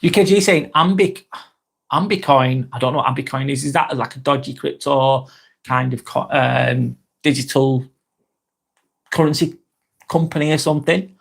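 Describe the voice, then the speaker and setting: Speaking at a moderate pace in a mid-range, creaky, husky voice, a British man runs a live vlog. He reads out comments from viewers, chats loosely, drifts into tangents, and doesn't hold back on swearing.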